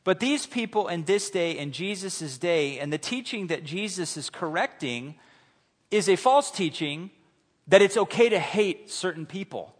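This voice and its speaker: A man preaching a sermon in a church, animated and humorous, acting out little scenes. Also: high voice, a little slow, long reverb tail. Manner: animated, humorous, acts out voices. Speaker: pastor. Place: church sanctuary.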